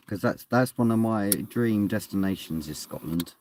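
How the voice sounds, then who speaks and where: A man's voice: on the low side, moderate pace, a little mellow, slight background noise. A man chatting casually on his live stream at home, rambling, laughing often and swearing now and then. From England. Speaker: streamer reading chat. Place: at home indoors.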